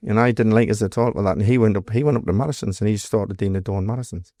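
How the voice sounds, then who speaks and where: A man's voice: on the low side, very fast, dark tone, no echo, clean studio sound. Blunt Geordie man telling stories. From North East England. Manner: blunt storytelling, heavy swearing, acts out quoted dialogue. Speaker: guest, former doorman. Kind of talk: casual interview storytelling.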